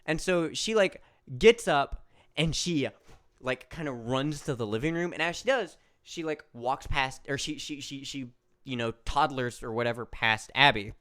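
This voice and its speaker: A man's voice: medium pitch, normal speed, no echo, clean studio sound. A man co-hosting a podcast, telling a funny family story in a playful, casual way. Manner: animated, playful. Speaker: podcast co-host.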